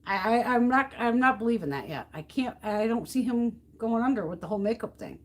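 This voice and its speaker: Woman, high voice, middle-aged, from the United States, casual livestream chat, blunt, swearing. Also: lively intonation, a little fast. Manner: blunt, swears freely, ranting. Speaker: beauty livestream host. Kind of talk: casual chat while depotting makeup.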